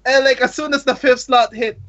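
A man's voice: very high-pitched, fairly even intonation, brisk, fairly bright tone, lo-fi sound. A man eagerly telling a story, laughing often and acting out the dialogue. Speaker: guest telling a travel story. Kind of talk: excited storytelling with acted-out quotes.

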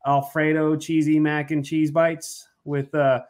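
A man's voice: fairly high pitch, level tone, measured pace, darkish tone. A man co-hosting a casual podcast, talking in a laid-back, hesitant way. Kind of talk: casual chat.

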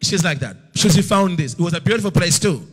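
A middle-aged man preaches with a husky, somewhat breathy edge to his voice. He sits fairly high in pitch. He tells the story theatrically, booming slow lines and then dropping almost to a whisper. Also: animated. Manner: storytelling, acts out God's voice in loud slow bursts; drops to hushed near-whisper for drama. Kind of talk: sermon.

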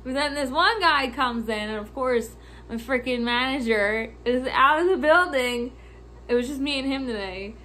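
High, bright-voiced exasperated woman vlogger. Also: slight background noise. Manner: exasperated, swears freely, laughs often; acts out customers' lines in quick quoted snippets. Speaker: vlogger recounting her workday. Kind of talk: casual storytime vlog.

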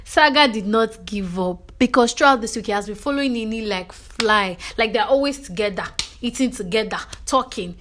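A woman with a Nigerian accent giving a chatty gossip recap of a reality show, telling it in an animated way and often checking in with her viewers. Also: a little high, moderate pace. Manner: animated storytelling, frequent "you know" and "do you understand".

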